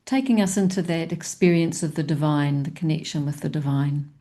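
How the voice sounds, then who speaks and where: A woman hosting an interview in a gentle, thankful manner. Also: sits low, steady tone, brisk. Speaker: host.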